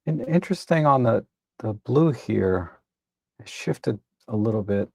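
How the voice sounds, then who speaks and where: A man hosting a live photo editing stream, reviewing viewers' edits in a relaxed, rambling way with many restarts. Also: medium pitch, unhurried, vocal fry, slightly rough, dry recording, clean studio sound. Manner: relaxed, rambling, self-correcting with frequent restarts; tired, admits yawning. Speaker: photo editing livestream host. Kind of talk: casual live commentary.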